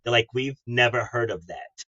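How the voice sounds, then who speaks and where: A man, a coach appearing as a podcast guest, talking in a relaxed, blunt way that often repeats words and starts over. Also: mid-range voice, moderate pace, no echo, dull audio. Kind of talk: casual interview chat.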